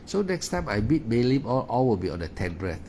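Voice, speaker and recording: Man giving a halting meditation talk. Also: mid-range voice, very animated, dark tone, a little hiss or hum. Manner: hesitant, frequent "ah" fillers and repeated words; non-native English grammar. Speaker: meditation teacher. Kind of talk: Dharma talk.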